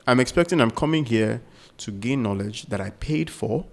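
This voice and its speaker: A man's voice: medium pitch, expressive, normal speed, gravelly. A young man co-hosting a podcast, speaking earnestly and emphatically and repeating his key points. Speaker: podcast co-host. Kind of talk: casual conversation.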